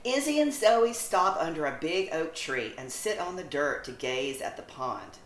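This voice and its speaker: Author reading to kids: lowish, very animated woman, echoey room. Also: moderate pace, slight background noise. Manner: expressive, animated. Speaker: children's book author. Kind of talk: reading a children's story aloud. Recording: roomy echo.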